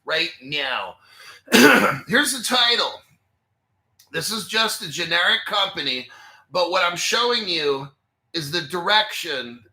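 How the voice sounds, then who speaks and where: A man's voice: high-pitched, expressive, slow, long pauses, bright, forceful tone. A man hosting a crypto channel, talking in a casual, blunt and exasperated way straight to his viewers as he works at his computer. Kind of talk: casual livestream commentary.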